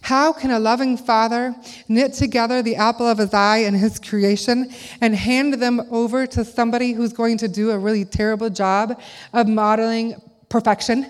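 A woman preaches with candid, animated storytelling, acting out her own outbursts along the way. Her voice sits a little on the high side, and a long hall reverb trails after every phrase, as in a church sanctuary. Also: normal speed. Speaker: speaker at a church service. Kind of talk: sermon with personal storytelling.

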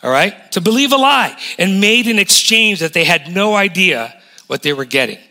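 A man in his forties preaching a lively sermon as a guest pastor, emphatic and full of rhetorical questions. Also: sits high, moderate pace. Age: 40s.

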